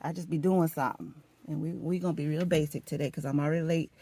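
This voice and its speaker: Getting ready for work at home, a woman vlogger chats casually and tells a story in an animated, dramatic way, laughing along. Her voice sits low and sounds husky, and she talks fast.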